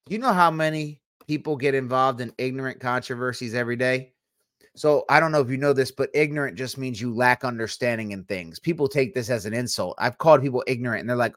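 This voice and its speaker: A man's voice: mid-range voice, a little fast, fairly bright tone, dry recording, studio quality. A young man, preaching a sermon in a blunt, conversational way with teasing asides. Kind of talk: sermon-style teaching.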